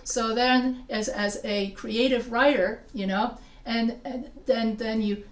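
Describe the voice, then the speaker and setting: A woman's voice: on the high side, steady tone, slow pace. A woman teaching a writing class, talking casually with many restarts and often checking in with her students. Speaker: writing instructor. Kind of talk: live class lecture. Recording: echoey room, voice from far off.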